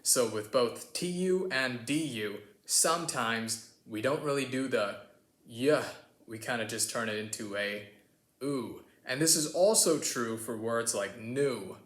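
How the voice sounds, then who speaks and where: A man's voice: medium pitch, unhurried, a bit bright, echoey room. A man with an American accent hosting a casual lesson on pronunciation, chatty and upbeat. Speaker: host.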